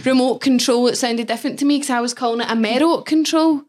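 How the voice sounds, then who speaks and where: A woman's voice: fairly high pitch, flat delivery, rapid-fire, crowd noise. A young woman with a Glaswegian Scottish accent, chatting as a podcast guest and telling self-mocking stories. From Scotland. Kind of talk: casual chat.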